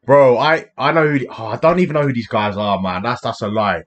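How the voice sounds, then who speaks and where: A man hosting a reaction video, chatting casually, excitable and laughing often. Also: mid-range voice, a little fast.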